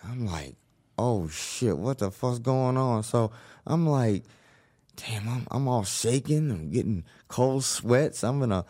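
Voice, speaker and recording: A man telling a wild personal story in an animated way, acting out the voices of the people in it, swearing and laughing often. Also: medium pitch, measured pace. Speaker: guest telling his story.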